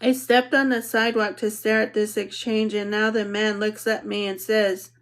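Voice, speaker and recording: A woman narrating an audiobook in the first person, reading in a measured, reflective way. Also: mid-range voice, level tone.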